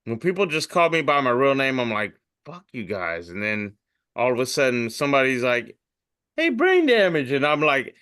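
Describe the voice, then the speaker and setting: A man's voice: mid-range voice, lively intonation, moderate pace, bright, forceful tone, clean tone. A man who does comedy, hosting a podcast and reading memes aloud in a loose, profane, jokey way. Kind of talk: casual comedic meme reading.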